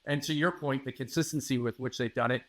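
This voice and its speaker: A man guest on a sports podcast giving confident, emphatic analysis at a measured pace. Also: mid-range voice, steady tone. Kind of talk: interview analysis.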